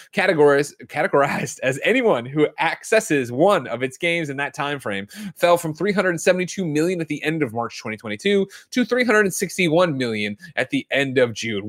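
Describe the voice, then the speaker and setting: A man's voice: a little high, fairly bright tone. A man hosting a podcast, chatting in a jokey, rambling way and reading the news aloud. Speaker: podcast host. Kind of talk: casual chat and ad read.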